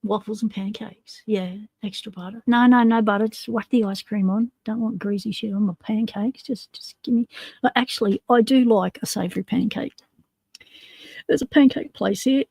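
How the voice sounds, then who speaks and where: A woman's voice: medium pitch, fairly even intonation, moderate pace, gravelly, dark tone, slightly rough, dry recording. A woman hosting a casual livestream, chatting in a rambling way and laughing often. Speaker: livestream host.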